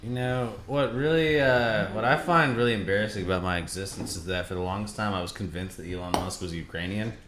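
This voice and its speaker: A man's voice: lowish voice, a little fast, hardly any pauses, echoey room, noisy background. A man co-hosting a casual wine tasting, rambling and self-deprecating. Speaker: wine reviewer co-host.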